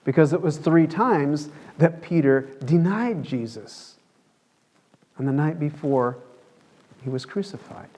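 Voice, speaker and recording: Mellow-voiced man preaching a chatty sermon. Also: fairly high pitch, slow pace. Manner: chatty storytelling, acts out quoted lines. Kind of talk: conversational sermon. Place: church.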